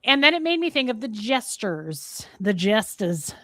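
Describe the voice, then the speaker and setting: A woman co-hosting a podcast, telling a long personal story in a casual, animated way, acting out the other people in it and filling her talk with "like" and "um". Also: on the high side, measured pace, no echo, studio quality. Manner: animated storyteller, acts out quoted voices, many fillers. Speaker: podcast co-host.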